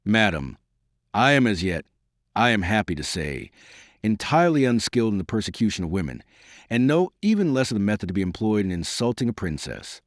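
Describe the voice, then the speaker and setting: A male reader voicing a courteous, shrewd young baron who speaks in a measured, formal way. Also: fairly low pitch, very animated, dry recording, studio quality. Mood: courtly.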